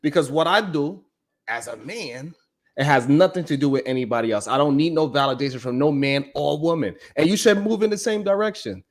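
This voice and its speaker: A man's voice: on the high side, animated, brisk. A man, hosting a live stream in a blunt, profane, emphatic casual monologue that keeps checking in with "you know what I'm saying". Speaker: live-stream show host.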